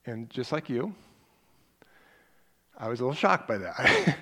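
A man's voice: medium pitch, sing-song, unhurried, pauses often, bright, forceful tone. A middle-aged man giving a sermon in a conversational way, telling stories with acted-out quotes. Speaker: preacher.

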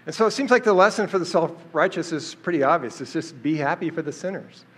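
A man's voice: a little high, animated, fast, a bit bright, husky. A man teaching through a Bible passage in a casual, conversational way, with fillers and restarts. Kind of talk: casual Bible study talk.

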